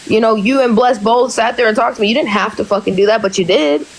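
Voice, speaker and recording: A woman's voice: a little high, fast, rough recording. A woman hosting her own livestream, talking bluntly and frankly. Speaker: livestream host. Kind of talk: casual livestream chat.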